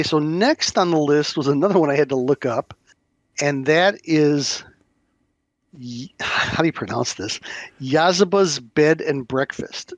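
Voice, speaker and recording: A man's voice: a little high, a bit bright, no echo. A man hosting a podcast, talking casually and rambling with many restarts. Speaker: podcast host. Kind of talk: casual chat about tabletop games.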